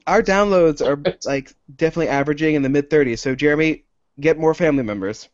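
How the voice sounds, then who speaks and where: Dry, slightly high-voiced podcast host. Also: male voice, quick pace, no room sound, muffled recording. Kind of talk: casual podcast chat.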